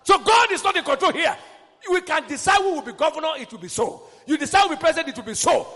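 A man preaching a sermon, emphatic and rousing, calling questions to his congregation and rising into shouts. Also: very high voice, lively intonation, fast talker, in a large hall.

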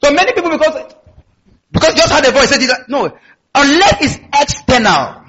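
A man's voice: very high voice, lively intonation, normal speed, a bit bright, highs cut off. A man preaching a sermon in an emphatic style, with call-and-response asides to his congregation. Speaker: pastor.

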